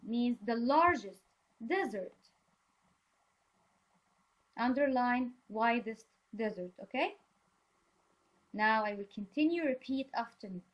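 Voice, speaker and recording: Slow patient teacher lady, higher voice, keeps saying very good and explaining words. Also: lively intonation. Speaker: English teacher. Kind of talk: reading a story aloud for a class.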